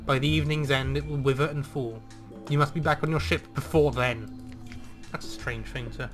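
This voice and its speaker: A man's voice: mid-range voice, steady tone, moderate pace, a bit bright, soft background music. A man playing a video game and commenting on it in a chatty way, reading in-game text aloud in a theatrical tone. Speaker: video game let's player.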